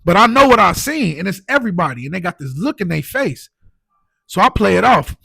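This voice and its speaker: A man telling his own story as a podcast guest, animated and emotional, full of "like" and "you know what I'm saying". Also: high-pitched, brisk, gravelly, husky, dry recording. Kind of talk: casual storytelling.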